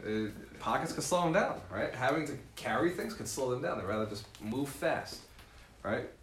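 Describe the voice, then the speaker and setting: A man giving a live seminar as a real estate mentor, lively and laughing often, tagging points with "right?". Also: medium pitch, moderate pace, echoey room, slight background noise. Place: room with a live audience.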